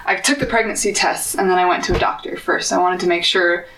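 A woman's voice: on the low side, fairly even intonation, fast, fairly bright tone, slight background noise. Young woman guest, earnest and candid; echoey, slightly distant mic. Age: young adult. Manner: earnest and open, sharing a hard personal story. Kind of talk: personal storytelling in an interview. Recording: echoey room, voice a bit off-mic.

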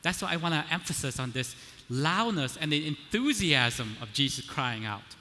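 Bright, forceful male preacher in a reverberant hall. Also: a little high, lively intonation, moderate pace. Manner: conversational, often checking in with "right?"; emphatic, building to loud declarations. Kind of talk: sermon.

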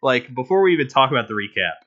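A man's voice: mid-range voice, animated, rapid-fire, a bit bright, highs cut off. A man co-hosting a casual game review podcast, rambling and restarting his sentences, swearing offhandedly. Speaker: podcast co-host.

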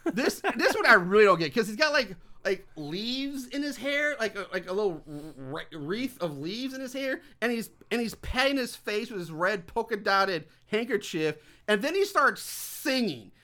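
A man's voice: sits high, normal speed, few pauses. A man casually recapping a movie scene by scene on a podcast, acting out quoted lines as he goes. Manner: lively storytelling, acts out quoted lines. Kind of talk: casual profane chat.

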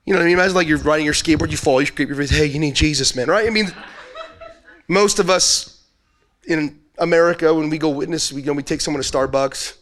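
A man's voice: on the high side, fast, a bit bright. A male pastor preaching a sermon in a loose storytelling way, asking the audience questions as he goes.

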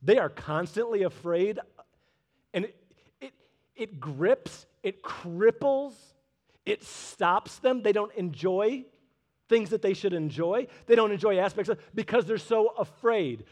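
High-voiced man preaching with stories. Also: measured pace. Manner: lively storyteller with joking asides. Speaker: pastor. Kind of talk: sermon with personal stories.

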